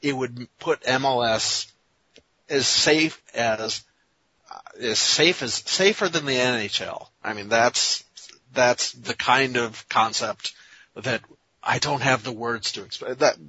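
Husky-voiced man in wry sports chat. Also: medium pitch, sharp tone, no echo, highs cut off. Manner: rambling, halting, wry. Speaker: soccer podcast co-host. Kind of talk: casual sports talk.

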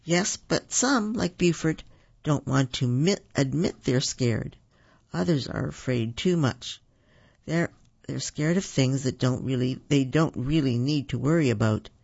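A man voicing a calm, reassuring big-brother raccoon in a children's story. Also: medium pitch, a little slow, vocal fry, husky, muffled recording. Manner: reassuring and steady.

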